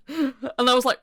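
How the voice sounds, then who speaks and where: A woman's voice: sits high, dry recording, studio quality. A woman hosting a casual podcast chat, telling stories with giggles and acting out what people said. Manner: animated storyteller, giggly, acts out quotes. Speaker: podcast host.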